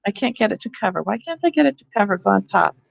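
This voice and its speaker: A woman's voice: medium pitch, lively intonation, fast talker, creaky, dry recording, dull audio. Woman walking teachers thru word sounds, explains step by step, dry mic. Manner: explanatory, spells out letters and sounds. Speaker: reading workshop presenter. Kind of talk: teacher workshop instruction.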